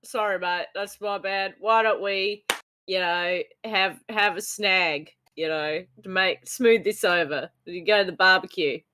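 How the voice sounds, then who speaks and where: Woman player voices a slow, bright-toned apologetic man in a tabletop game. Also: medium pitch, fairly even intonation, no echo. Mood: placating. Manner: placating, friendly. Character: apologetic man smoothing things over.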